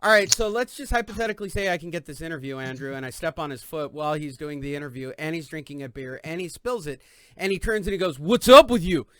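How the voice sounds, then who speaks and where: A man from East Los Angeles hosting a boxing podcast, joking and telling animated stories in casual chat. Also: a little high, quick pace, smooth, dry recording. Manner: loud, joking, animated storytelling. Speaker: podcast host.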